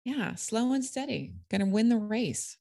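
A middle-aged woman co-hosting a podcast, telling stories in a lively, chatty way and laughing often. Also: on the high side, measured pace, vocal fry, no echo, studio quality. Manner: animated storyteller, laughs often. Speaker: podcast co-host. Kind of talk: casual chat.

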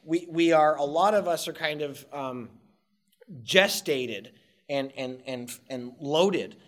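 Passionate fast-rambling man from Montreal. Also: on the high side. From Montreal, Canada. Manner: passionate, rambling, swears freely. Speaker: guest. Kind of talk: candid interview talk.

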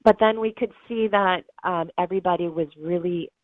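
A woman's voice: fairly low pitch, brisk, dry recording. A middle-aged woman, a guest and author, telling an emotional story in an interview, earnest and acting out the voices of others. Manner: earnest, acts out quoted voices, laughs through tears. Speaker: guest, bereaved mother and author. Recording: tinny phone-like line.

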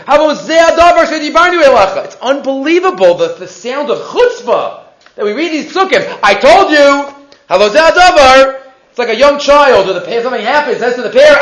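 Speaking in a strikingly high, slightly bright voice with lively intonation, a man teaches the weekly Torah portion at a normal speed. He's animated, firing off rhetorical questions and weaving Hebrew phrases through his English explanations. The recording is rough.

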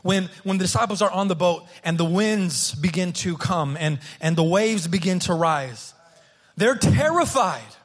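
A pastor in his thirties delivers a sermon in a high voice with a husky edge. He speaks earnestly and often doubles back on his words before pushing the point home. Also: lively intonation, unhurried. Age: 30s. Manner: earnest, repeats words as he restarts phrases.

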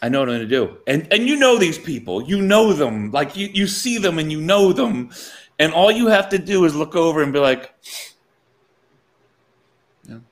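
A man's voice: on the high side, sing-song, normal speed, long pauses. A man casually telling a long funny story to a co-host, acting out the people in it and laughing often.

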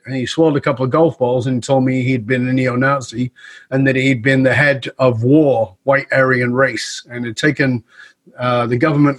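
A middle-aged man with a slightly husky, breathy voice speaks as an interview guest. He tells his story in an animated way and plays out the dialogue as he goes. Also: mid-range voice. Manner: animated storyteller who acts out quoted dialogue.

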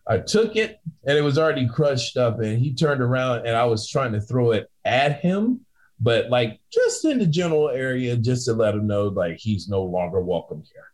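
A man telling a story from his work as a bouncer in casual chat, acting out both sides with lively shifts in voice. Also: medium pitch, moderate pace, low-quality recording. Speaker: guest bouncer.

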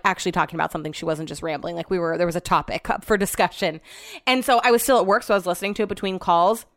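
A woman's voice: medium pitch, a bit bright, no room sound, studio quality. A young woman, hosting a podcast and telling stories in a chatty way, full of fillers and swearing. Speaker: podcast host. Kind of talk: casual chat.

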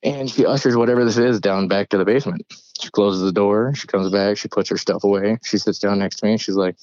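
A man's voice: lowish voice, fairly even intonation, a little fast, darkish tone, no room sound, muffled recording. A man, a podcast guest, telling a story casually with loose swearing and rambling asides. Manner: swears freely, rambling retelling.

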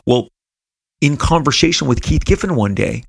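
A man's voice: a little high, animated, normal speed, creaky, breathy edge, no room sound. A middle-aged man, a comic book creator, telling a personal story in an earnest, rambling way with frequent restarts.

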